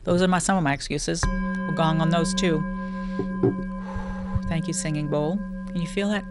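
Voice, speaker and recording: A woman's voice: sits low, fairly even intonation, normal speed, loud music behind the voice. A middle-aged woman hosting a lifestyle talk, speaking casually with many restarts and playful asides. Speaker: host of a lifestyle show. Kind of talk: casual spoken talk on self-help.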